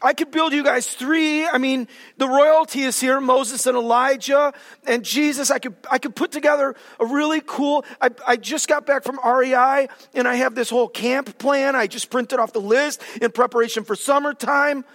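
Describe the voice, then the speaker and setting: A male pastor preaching a sermon in an animated, joking way, with sudden dramatic swings in volume. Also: extremely high pitch, moderate pace, big-room sound.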